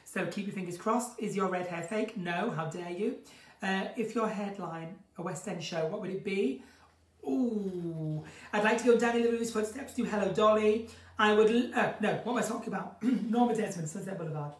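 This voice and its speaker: A woman's voice: medium pitch, moderate pace. A woman hosting a casual live chat from home, reading out viewer questions and answering them in a chatty, theatrical way. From northern England. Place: at home, room with a window to her garden. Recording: roomy, distant home stream audio.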